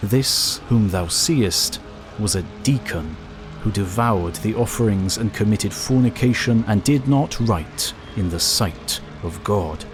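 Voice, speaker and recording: A man voicing a stern male angel who guides a visitor through hell, speaking in grave, measured pronouncements. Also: fairly low pitch, lively intonation, over music. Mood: solemn.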